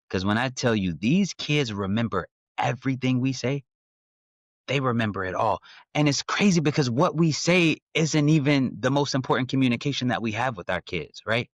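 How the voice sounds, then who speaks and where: Deep-voiced man telling a dad story. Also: dry recording. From Ohio. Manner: animated, slangy, preachy asides to listeners. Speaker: podcast host. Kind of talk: casual storytelling monologue.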